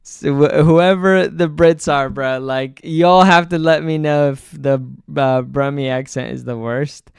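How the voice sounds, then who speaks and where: A man's voice: on the high side, fairly even intonation, a little slow, gravelly, hardly any pauses, clear, resonant tone, no echo, studio quality. A man giving casual, profane, exasperated commentary as a football vlogger, rambling with fillers.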